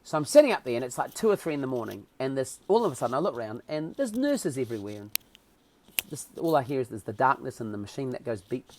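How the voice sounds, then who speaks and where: Animated New man telling stories. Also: medium pitch, fast talker, slight background noise. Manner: comic, self-mocking, acts out quotes. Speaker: podcast guest. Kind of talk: animated personal storytelling.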